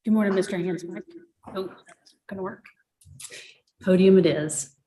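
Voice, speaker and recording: Lawyer lady asking a witness questions, brisk and methodical, mid-pitch voice. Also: dark tone, slight background noise. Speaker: attorney. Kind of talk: courtroom questioning.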